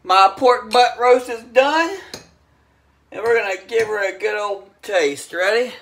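A man's voice: high voice, measured pace, gravelly, fairly bright tone. A man with a Southern US accent hosting a casual home cooking vlog. He jokes crudely and keeps repeating "that's right, folks.". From Florida, US. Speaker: cooking video host. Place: home kitchen. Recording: echoey room, voice off-mic.

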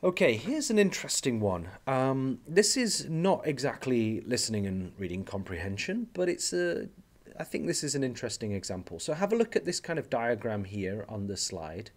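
A man teaching a recorded slide lecture, explaining step by step and often checking in with "okay?", slowing down on key terms. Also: mid-range voice, very animated. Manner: speaks slowly on key terms. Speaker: language teacher trainer.

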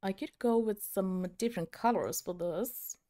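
A woman's voice: medium pitch, moderate pace, dark tone. A young British woman streaming a game, chatting with viewers, giggling often and poking fun at herself. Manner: giggly, laughs often, chatty and self-mocking. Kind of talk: live-stream game commentary.

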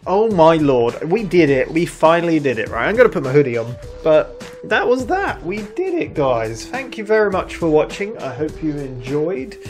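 A gaming channel host giving let's play commentary, excitable, laughing often and talking to themselves. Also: medium pitch, moderate pace. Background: game music.

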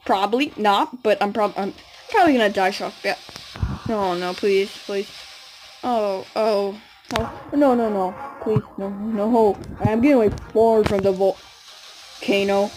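A young woman giving casual, excitable commentary while playing a video game, often squealing and giggling. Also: medium pitch, measured pace, over music, rough recording. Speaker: gamer.

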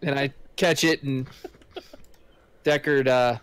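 A man's voice: medium pitch, steady tone, slow pace, a crowd in the background. A man playing a tabletop game, hesitant and thinking aloud. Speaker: player. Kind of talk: casual tabletop game chat.

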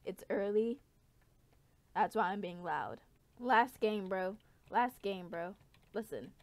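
A young woman giving casual gameplay commentary, animated, swinging from low mumbles to yelling. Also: slow, no echo. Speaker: gaming YouTuber.

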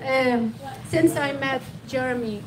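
A woman whose first language is Arabic, speaking slowly and giggling at a live fan event. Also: sits high. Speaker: family member of the host. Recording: loud crowd and noise behind.

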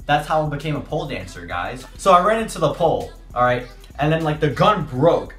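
Young man, casual storytime, animated delivery, roomy echo. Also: fairly high pitch, brisk. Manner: animated, acts out voices, jokey asides. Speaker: YouTuber. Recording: echoey room, music behind.

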